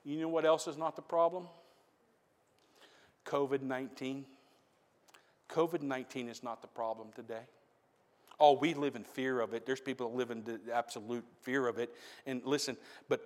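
A man preaching a sermon in a church, swinging from hushed questions to loud shouted appeals. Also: mid-range voice, steady tone, normal speed, long pauses, big-room sound. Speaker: pastor. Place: church sanctuary.

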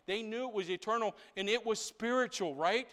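A man preaching a sermon as pastor in a church. He swings between loud, rising proclamation and hushed asides, builds his points by repeating phrases, and keeps asking the congregation "right?". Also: high voice, fairly quick, long reverb tail.

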